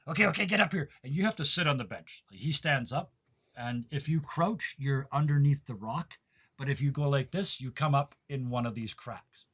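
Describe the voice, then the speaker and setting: A man narrating a tabletop game as game master, rambling with fillers and frequent laughs. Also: mid-range voice.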